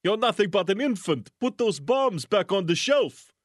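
A man's voice: sits high, sing-song, normal speed, dry recording, studio quality. A man voicing a boastful, blustering Soviet figure in a mock Russian accent for a comedic dramatic reading. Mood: menacing, smug. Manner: theatrical mock-menacing reading.

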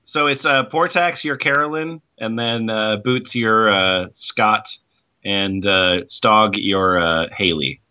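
A man hosting a comedy podcast, laughing and bantering, breaking into dramatic shouted readings. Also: on the low side, slow pace, smooth, muffled recording. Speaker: podcast host.

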